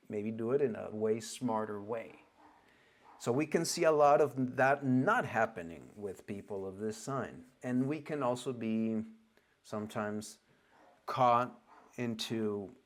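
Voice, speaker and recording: A man with an Oregonian accent and English learned as a second language gives a loose spoken lesson as a spiritual teacher, halting and searching for words with frequent restarts. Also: on the low side. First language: not English.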